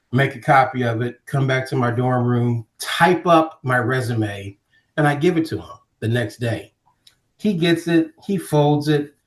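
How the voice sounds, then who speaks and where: Middle-aged man, Ohio-raised guest storyteller, lively and performative, mid-pitched voice, roomy recording. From Ohio, USA. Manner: animated storyteller, acting out quoted voices. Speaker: podcast guest. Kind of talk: storytelling in casual conversation. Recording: roomy echo.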